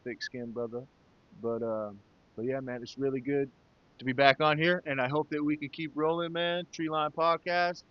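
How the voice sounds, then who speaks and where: A man in his late thirties talking alone into his podcast mic, relaxed and heartfelt, with plenty of casual swearing and "man" thrown in. His voice sits at an ordinary middle pitch. The recording is a little dull and lo-fi. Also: moderate pace. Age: 30s. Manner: laid-back and heartfelt, swears freely, calls listeners man and brother. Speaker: podcast host. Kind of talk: casual solo talk.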